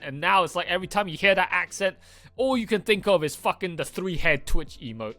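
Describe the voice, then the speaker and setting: A man's voice: high voice, expressive, brisk, bright, forceful tone, no echo, faint music behind. A British man hosting an anime reaction, talking in a rambling, sarcastic way and swearing often. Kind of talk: casual reaction commentary.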